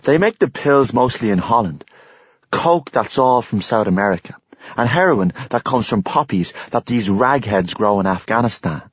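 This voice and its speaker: A man voicing a calm young drug dealer in an audiobook, explaining things in a flat, factual way. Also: medium pitch, moderate pace, breathy edge, dry recording, voice pushed down. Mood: matter-of-fact. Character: calm young Irish dealer, matter-of-fact. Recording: slightly dull recording.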